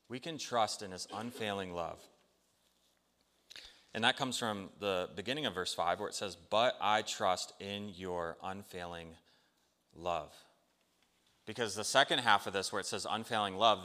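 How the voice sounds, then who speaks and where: A pastor delivers a sermon earnestly and conversationally, acting out the people he quotes. His voice sits on the low side, pushed and bright, with long hall reverb in the recording.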